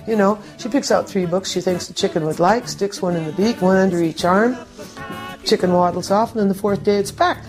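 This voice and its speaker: Female interview guest, relaxed, halting, chuckling delivery. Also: medium pitch, faint music behind. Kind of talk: relaxed conversation and joke-telling.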